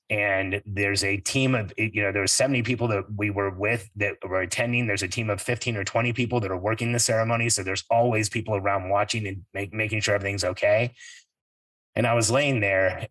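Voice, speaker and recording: A man's voice: fairly low pitch, fairly bright tone, no room sound, distant mic, rough recording. A middle-aged man hosting a podcast, telling a personal story in an earnest, reflective way that turns a little emotional. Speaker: podcast host.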